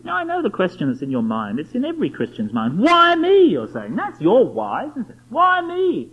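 A man's voice: on the high side, wildly swooping pitch, brisk, breathy edge. A man preaching a sermon, emphatic and full of rhetorical questions aimed at the listener. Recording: dull lo-fi recording.

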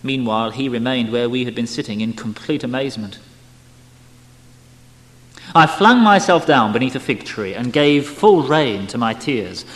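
Male reader, emotional memoir delivery with animated pitch, recorded in a reverberant hall. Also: normal speed. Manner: expressive, emotional, wide swings in loudness. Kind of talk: dramatic reading of a spiritual memoir.

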